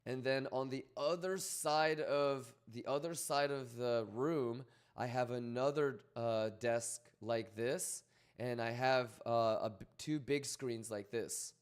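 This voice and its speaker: A man's voice: mid-range voice, slow pace, clean tone. A man streaming live, talking loosely and profanely as he reads chat messages aloud and rambles. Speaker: crypto trading livestreamer.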